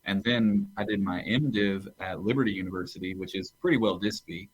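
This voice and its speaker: A man's voice: low-pitched, fairly quick, husky, low-quality recording. A man, a pastor on a podcast, talking casually about theology and rambling into stories, often restarting his phrases.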